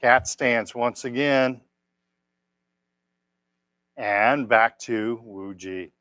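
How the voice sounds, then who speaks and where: A man leading a tai chi class, giving calm step-by-step cues and gentle praise on a clip-on mic. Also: mid-range voice, drawn-out words, no room sound. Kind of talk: guided exercise class. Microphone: clip-on microphone.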